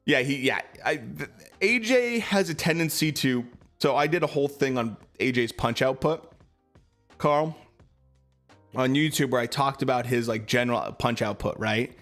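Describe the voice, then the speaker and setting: A man's voice: medium pitch, normal speed, a bit bright, faint music behind. A man streaming live, chatting casually about boxing and answering his viewers, with lots of fillers.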